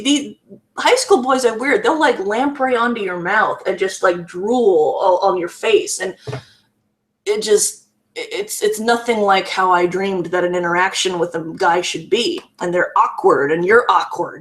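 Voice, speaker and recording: Speaking in a mid-range voice at normal speed, a vlogger gives candid personal testimony, earnest and raw, frequently starting over and repeating herself.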